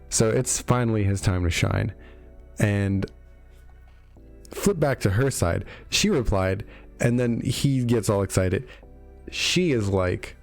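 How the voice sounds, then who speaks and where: There's faint music in the background as a man recaps a game's story for his video, cracking wry, sarcastic jokes and using many fillers. The host's voice is lowish, gravelly and darkish, and he keeps a measured pace.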